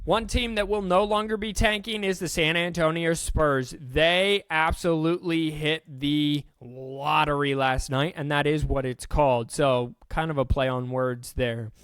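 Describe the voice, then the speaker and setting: A man's voice: a little high, fairly even intonation, measured pace, few pauses, a bit bright, clean tone, no echo. A man hosting a casual solo sports podcast, chatty and self-deprecating, stumbling now and then over names.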